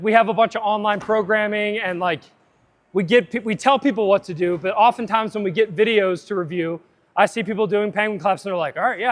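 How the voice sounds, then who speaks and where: A man coaching a live fitness seminar, upbeat and chatty, drifting into side tangents. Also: high-pitched.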